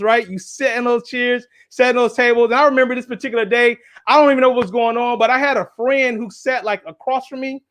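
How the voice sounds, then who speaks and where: A man speaking as a guest engineer at a symposium, telling a story in an animated way and talking straight to his audience, slipping into little voices for the people he quotes. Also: very high-pitched, fast talker, hardly any pauses. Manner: acts out small voices when quoting people in a story. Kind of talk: lively storytelling talk at a symposium.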